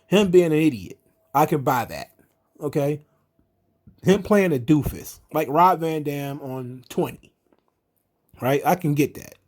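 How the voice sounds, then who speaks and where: A man's voice: fairly high pitch, a little mellow. A man hosting his own wrestling commentary, rambling and swearing in an exasperated rant. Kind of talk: casual ranting commentary.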